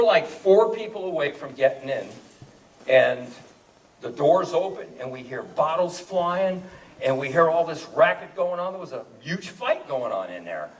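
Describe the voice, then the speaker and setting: Man, party speech, excited storyteller, slightly high, roomy distant sound. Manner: animated, repeats words, laughs while telling. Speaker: party speaker telling a story about friends. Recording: echoey room from far off.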